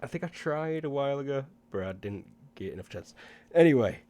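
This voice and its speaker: A man's voice: medium pitch, expressive, brisk, darkish tone, dry recording. A man running a tabletop game as game master, in a laid-back, joking manner. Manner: laid-back, laughs easily, swears casually.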